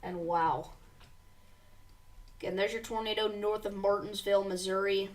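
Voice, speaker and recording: A woman's voice: mid-range voice, steady tone, normal speed, recorded from a distance. A woman hosting a live severe weather stream, reading tornado warnings aloud with urgency and talking straight to her viewers. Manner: urgent, reads warnings aloud, addresses viewers as you guys. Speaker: severe weather livestream host. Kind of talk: live storm coverage commentary.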